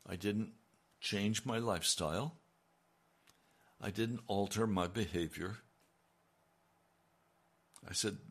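An older man preaching a sermon, his low voice gravelly with fry. He talks slowly and earnestly, pressing hard on the key phrases.

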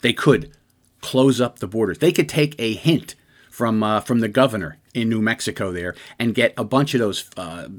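Male host, mid-pitched voice, fired-up solo commentary, repeats himself for emphasis. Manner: impassioned, repetitive, rhetorical questions, frequent restarts. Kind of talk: monologue commentary.

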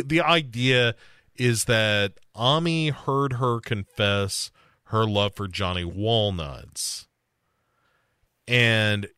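Bright-voiced man recapping a show. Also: lowish voice, smooth, dry recording, clean studio sound. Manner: rambling retelling with quoted lines and restarts. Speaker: podcast co-host. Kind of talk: casual recap chat.

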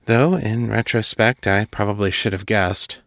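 A guarded man with a fairly low voice answers in short, dry lines, as a man reads him. He stays wary and on edge in this narrated story. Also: a little slow, a bit bright, dry recording.

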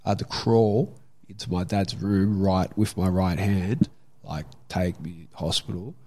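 A man's voice: low voice, fairly even intonation, a little slow, mellow. A young Australian man telling a story from his own life in a casual, candid way, swearing freely. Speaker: guest.

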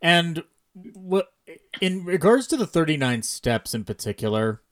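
A man's voice: on the high side, very animated, measured pace. An American man co-hosting a casual film podcast, thinking aloud in long digressive sentences full of restarts. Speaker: podcast co-host.

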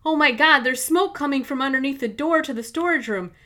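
A woman's voice: a little high, expressive, fast. A woman voicing a worried man in a read-aloud story, startled and raising her voice. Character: worried man, the sleuth's partner.

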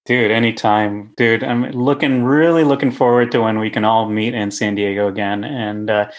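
A man speaking as a physician guest on a medical podcast, relaxed and friendly. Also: lowish voice, moderate pace. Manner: laid-back and friendly, says "dude". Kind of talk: casual medical podcast chat.

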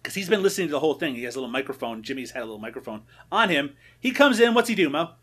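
A playful man co-hosting a movie podcast, his voice bright and sitting a bit high. He teases his partner and laughs often as he recaps the plot. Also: very animated, racing, breathy edge. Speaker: podcast co-host. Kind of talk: casual chat about a movie.

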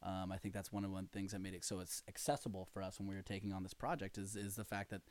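A man's voice: low voice, little pitch movement, quick pace. A man, a stage actor, answering interview questions in an easygoing, musing way.

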